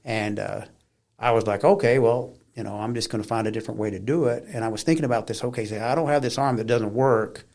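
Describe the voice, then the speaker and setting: Middle-aged man, interview guest, lively storyteller who acts out quotes. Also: medium pitch, fast talker, gravelly.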